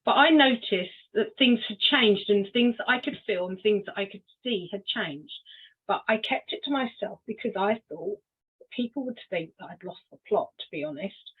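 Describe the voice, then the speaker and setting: An older woman from Cornwall shares her story as a podcast guest. She speaks at a middle pitch, unhurried and reflective, with many small ums, and the sound is thin and boxy, like a phone call. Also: lively intonation, breathy edge. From Cornwall, England. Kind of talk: personal story in a podcast interview. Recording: tinny phone-like line.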